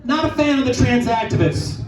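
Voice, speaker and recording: A man doing a crude stand-up set in a bar lounge, riffing fast and shouting his punchlines. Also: very high-pitched, roomy sound, recorded from a distance, poor audio. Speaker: stand-up comedian.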